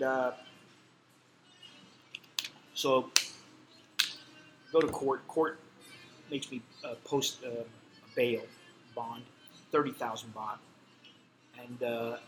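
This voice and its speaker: A man's voice: medium pitch, poor audio. A middle-aged man telling a personal story in a casual, blunt and profane way, full of fillers. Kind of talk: casual spoken anecdote.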